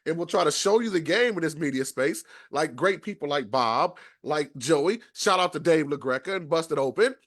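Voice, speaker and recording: Lively, slangy male podcast host. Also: a little high, normal speed, hardly any pauses. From Detroit. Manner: hyped, slangy, gives shout-outs. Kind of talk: casual interview chat.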